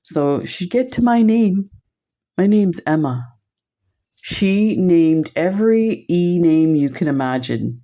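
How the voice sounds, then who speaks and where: A woman's voice: lowish voice, expressive, slow pace, mellow. A woman presenting beads on camera in a casual chat, telling stories and laughing often. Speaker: bead shop video presenter.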